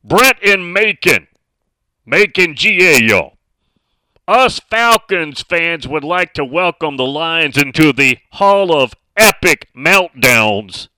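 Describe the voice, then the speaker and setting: Bright, lively male radio host. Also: fairly high pitch, slow pace, clean tone, no room sound, poor audio. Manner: chatty, reads out listener messages. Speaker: radio talk show host. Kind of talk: casual sports talk radio.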